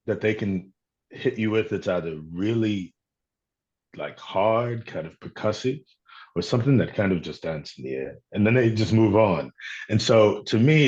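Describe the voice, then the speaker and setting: A man's voice: lowish voice, dull audio. A man from Chicago, an actor as interview guest, talking playfully with frequent laughs and restarts. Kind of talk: interview conversation.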